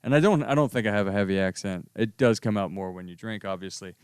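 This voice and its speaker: A man's voice: on the low side, expressive, quick pace, a little mellow, clean tone, dry recording, studio quality. A man guesting as a comedian, chatting in a rambling, profane way and laughing often. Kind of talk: casual chat.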